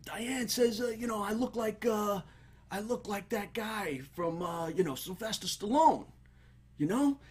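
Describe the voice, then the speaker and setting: Man doing an insecure young guy: high, husky, eager for approval. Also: unhurried. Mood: pleading. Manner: pleading, repeats himself.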